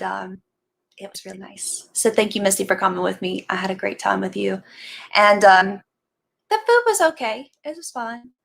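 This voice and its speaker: Woman rambling on her livestream, saying hi to viewers by name, kinda gravelly voice. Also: mid-range voice, fairly bright tone. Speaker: livestream host chatting with viewers. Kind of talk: casual live chat.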